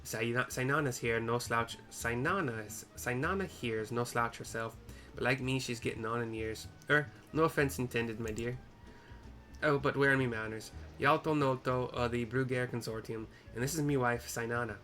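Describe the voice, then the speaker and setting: A man voicing a gruff, folksy aging male merchant who rambles. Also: mid-range voice, normal speed, sharp tone, faint music behind, close to an everyday voice.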